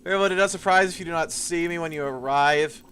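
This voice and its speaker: A man's voice: on the high side, quick pace, a bit bright, clear, resonant tone. Streamer man reading game text. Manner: reads in-game text aloud with casual asides. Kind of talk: live game playthrough, reading text aloud with reactions.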